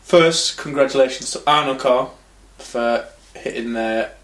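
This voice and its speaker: A man's voice: medium pitch, unhurried, a bit bright, echoey room. A man hosting a podcast, talking casually, rambling through anecdotes and swearing freely. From England. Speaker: podcast host. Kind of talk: casual chat.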